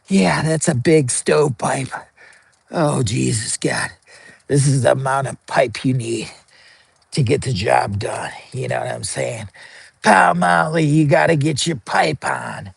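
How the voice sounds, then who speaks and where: A goofy man talking on a live stream, joking and getting worked up as he hypes his viewers. His voice sits a little high with a gravelly edge. The sound is dry and close, with no room echo. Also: a little slow. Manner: joking, hyped, begs for likes, bursts of excitement. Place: outdoor campsite by a pellet stove.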